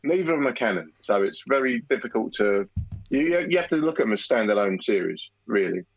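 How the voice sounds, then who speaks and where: A man's voice: medium pitch, expressive, brisk, vocal fry, dry recording, highs cut off. A man chatting casually over a call as co-host, blunt and swearing freely. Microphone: call line.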